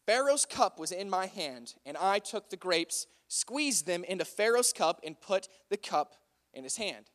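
A man's voice: high-pitched, very animated, measured pace, fairly bright tone, exaggerated voice. A man voicing a male cupbearer to a king, held in prison, speaking in a casual way. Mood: recounting. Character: relieved male cupbearer, a royal servant in prison.

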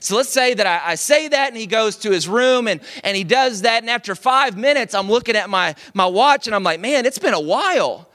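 A young male pastor preaching into a microphone with a high, bright, forceful voice. He keeps it conversational and animated, tossing in casual asides and checking in with the congregation as he goes. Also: brisk, few pauses. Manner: conversational, animated, with frequent "like" and "right?". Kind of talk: sermon. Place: church service. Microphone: speaking into a microphone.

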